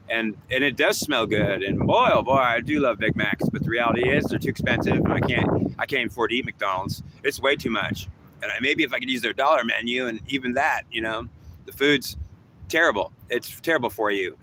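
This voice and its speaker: A man's voice: medium pitch, background noise. A man talking in a rambling, repetitive monologue, often restarting his sentences.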